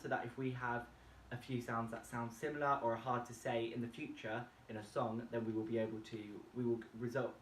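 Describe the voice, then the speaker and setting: A man presenting a vocal warm-up tutorial and explaining each step plainly. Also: mid-range voice, a little hiss or hum. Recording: echoey room, distant mic, faint music. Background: faint backing music from a laptop.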